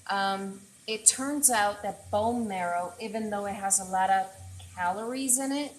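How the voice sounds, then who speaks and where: A woman's voice: mid-range voice, measured pace, reverberant. A woman chef hosting a casual cooking livestream, chatting straight to her viewers while she cooks, on an earbud mic in a home kitchen. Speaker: chef and host.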